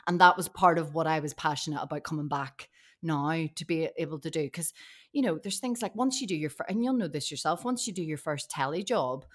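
A woman actress chatting as a podcast guest, telling animated stories and laughing often. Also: low voice, a little fast. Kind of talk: casual chat.

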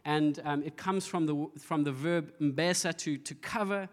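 A man's voice: a little high, steady tone, measured pace, long reverb tail. A man pastor preaching a sermon, telling stories with playful acted-out asides. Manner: storytelling with playful voiced asides and laughter.

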